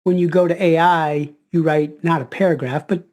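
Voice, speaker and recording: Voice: mid-range voice, steady tone, normal speed, darkish tone. A podcast host in casual conversation, thinking aloud with restarts.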